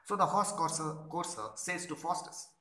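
A man's voice: a little high, normal speed, pushed and bright. A male literature lecturer explains a play line by line, reading quoted lines and then restating them in plain words. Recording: roomy echo.

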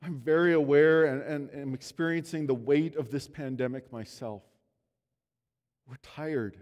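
A man preaching a sermon as pastor, telling a story earnestly, his voice swelling and then dropping low. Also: fairly even intonation, unhurried, highs cut off. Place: church sanctuary. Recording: long reverb of a church hall.

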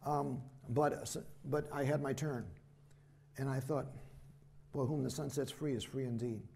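An older man preaches to a church gathering in a gravelly, mellow voice. He tells his missionary stories with animation and plays the other people's lines himself, with a faint hiss from the room behind him. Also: medium pitch, moderate pace. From United States. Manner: animated anecdotes, voices quotes, laughs at himself. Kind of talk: storytelling sermon. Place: church hall.

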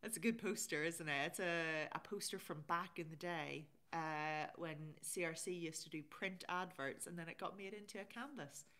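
A woman's voice: lowish voice, moderate pace, few pauses, bright, forceful tone. A woman hosting a casual live stream, chatting and reading out viewer comments. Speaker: livestream host.

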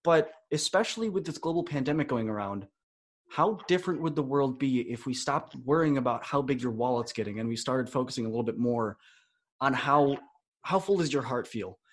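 A man's voice: mid-range voice, lively intonation, brisk. A young man guesting on a podcast interview, a coach telling stories and acting out quoted dialogue with energy. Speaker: student speaker and coach.

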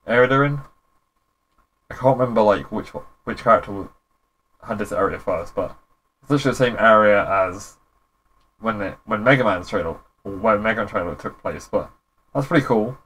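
A young man giving casual, rambling commentary as a gaming YouTuber, with relaxed, slangy reactions. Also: fairly low pitch, a little hiss or hum.

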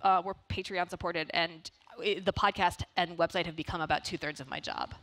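A woman speaking as a podcast guest in a panel interview on a convention stage, animated and full of restarts. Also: fairly low pitch. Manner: fast, animated, restarts a lot.

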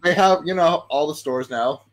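A man's voice: a little high, moderate pace, poor audio. A young man co-hosting a podcast, telling laid-back everyday stories. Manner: laid-back storytelling with laughs. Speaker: podcast co-host. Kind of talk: casual chat.

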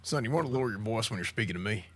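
A man plays a retired country sheriff who drawls in a bright, forceful voice, bossy and gruff, calling everyone son. His pitch swings lively as he barks orders in the game role-play. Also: rapid-fire. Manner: drawling, bossy, repeats 'son'. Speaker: streamer.

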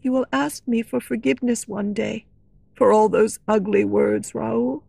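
A woman's voice: a little high, steady tone, unhurried, vocal fry, slightly rough, no room sound, exaggerated voice. Woman voicing a sorrowful young woman singer. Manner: soft, pleading.

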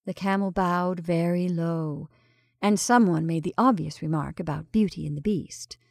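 A woman narrating a classic short story in a measured, calm way. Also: on the low side, creaky, dry recording, studio quality. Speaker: story reader.

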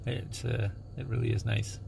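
A man, a photographer, chatting casually outdoors at a small airport at dawn, with a relaxed manner and many fillers. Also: mid-range voice, normal speed, gravelly, a little hiss or hum. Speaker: landscape photographer. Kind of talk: casual instructional vlog.

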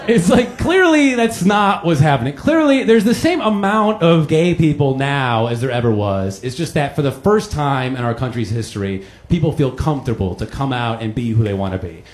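A man's voice: mid-range voice, normal speed. A man from the United States, doing a profane, mocking stand-up comedy set in a comedy club. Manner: profane, animated, mocking delivery. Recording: crowd laughter, noisy club. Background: audience laughter.

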